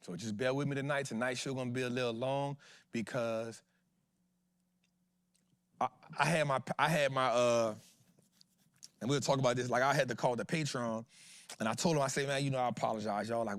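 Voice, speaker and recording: A man's voice: medium pitch, fairly even intonation, a little fast, dry recording. A man hosting an investing show in casual livestream talk, slangy and emphatic, throwing rhetorical questions at his viewers.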